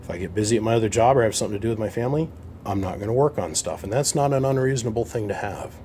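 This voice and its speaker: Racing along in a low, mellow voice, the amp repair shop owner vents to camera in a casual, blunt, aggrieved story, imitating both parties on the phone. A little hiss or hum runs underneath.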